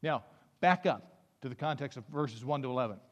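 A man's voice: mid-range voice, a little fast, lo-fi sound. A pastor in his fifties preaching a sermon, earnest and building to emphatic peaks as he reads scripture aloud. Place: church sanctuary. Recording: long hall reverb.

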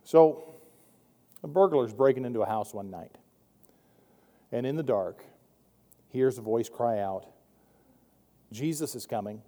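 A man's voice: medium pitch, a little slow, pauses often, dark tone. Man preaching in a reverberant hall. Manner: conversational, wry, with frequent restarts. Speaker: pastor. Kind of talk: sermon.

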